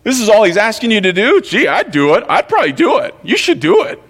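A man voicing plain-spoken humble servants who coax their master, in a raised, high voice. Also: wildly swooping pitch, quick pace, a bit bright, slightly rough, full character voice. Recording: long hall reverb.

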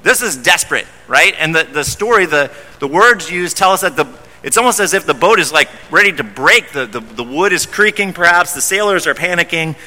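Bright-voiced male preacher in an echoey hall. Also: on the high side, animated, brisk. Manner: conversational, repeats and restarts words. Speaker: pastor. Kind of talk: expository sermon. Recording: long reverb in a large hall.

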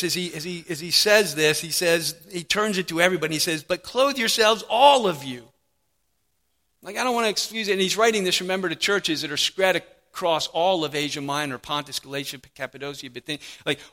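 Male pastor, sermon delivery, bright slightly high tone, earnest and emphatic. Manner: earnest preaching with rising emphasis and dropped-voice quotes.

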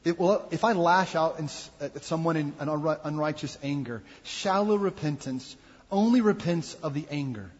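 Husky-voiced man preaching in a reverberant hall. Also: a little high, normal speed. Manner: earnest, reflective preaching with acted quotes. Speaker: pastor. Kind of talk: sermon. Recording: dull sound with long hall reverb.

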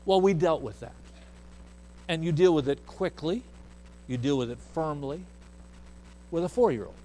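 A man's voice: on the high side, animated, moderate pace, mellow, a little hiss or hum, rough recording. Folksy preacher man telling a story. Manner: folksy storyteller who acts out the voices he quotes. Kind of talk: storytelling sermon.

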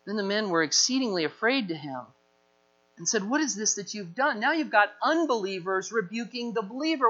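High, bright-voiced man preaching. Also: fairly quick, lo-fi sound. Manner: animated preaching, acting out quoted voices. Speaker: pastor. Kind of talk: sermon.

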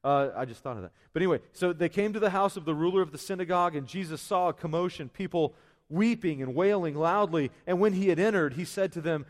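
A man's voice: on the high side, fast. Man preaching in a reverberant hall. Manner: conversational, with asides and restarts. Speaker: pastor. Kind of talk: sermon.

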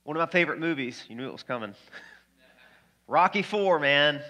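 A man preaching a sermon as pastor, energetic and conversational, often putting questions to the congregation. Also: a little high, moderate pace.

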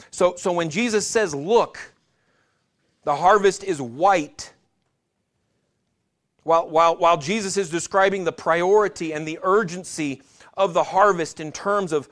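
A pastor preaches earnestly and directly, addressing his congregation as brothers and sisters. His voice is somewhat higher than most men's, and he often backs up and restarts phrases as he goes.

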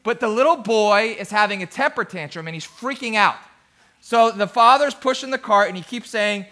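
A man preaching a sermon as pastor, emphatic, swinging between loud and hushed, with rhythmic lists. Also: high-pitched, expressive, fairly quick.

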